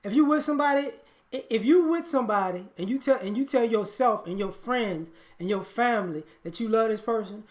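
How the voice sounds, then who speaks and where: A man giving a blunt, preachy monologue on relationships, often repeating and restarting his words. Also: very high voice. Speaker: relationship commentator.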